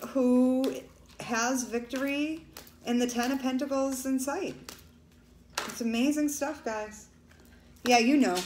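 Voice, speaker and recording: A woman's voice: on the high side, a little mellow, roomy sound, slight background noise. A woman doing a casual tarot reading for viewers. She talks loosely and emotionally and turns tearful at times. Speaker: tarot reader.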